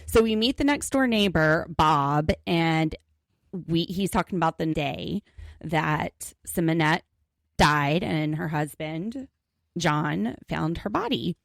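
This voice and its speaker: A woman's voice: low-pitched, animated, slow pace, vocal fry, no echo, clean studio sound. A young woman from Pennsylvania co-hosting a podcast, chatty and giggly as she recaps an episode in casual chat. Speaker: podcast co-host.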